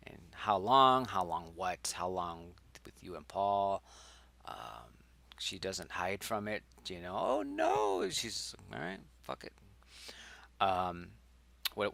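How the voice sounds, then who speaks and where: A young man reading through his own screenplay in casual think-aloud chat, rambling and correcting himself, sometimes dropping to a hushed whisper. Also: deep voice, sing-song, slow, vocal fry.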